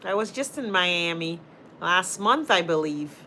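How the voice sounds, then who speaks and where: Bright-voiced chatty Boston woman livestreaming. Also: on the low side, expressive, a little slow, slight background noise. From Boston, Massachusetts. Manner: chatty, talks straight to viewers, answers comments. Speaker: livestream host and healthcare teacher. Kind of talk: casual livestream chat with viewers.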